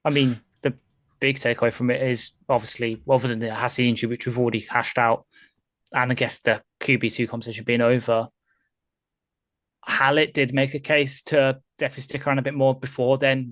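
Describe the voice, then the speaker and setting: A man's voice: mid-range voice, little pitch movement, a little fast, fairly bright tone, dry recording. A British man co-hosting a live sports stream, breaking down players analytically. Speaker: podcast co-host. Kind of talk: casual live-stream chat.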